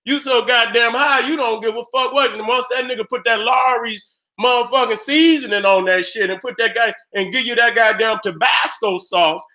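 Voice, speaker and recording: A man's voice: extremely high pitch, normal speed, sharp tone. A man hosting his own video, delivering a heated, profane rant in streetwise slang and acting out little dialogues as he goes. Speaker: video host. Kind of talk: profane ranting commentary.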